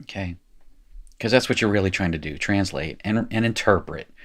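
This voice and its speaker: A man's voice: low-pitched, moderate pace, a bit bright. A middle-aged man teaching a recorded lesson, chatty and explanatory, thinking aloud as he works.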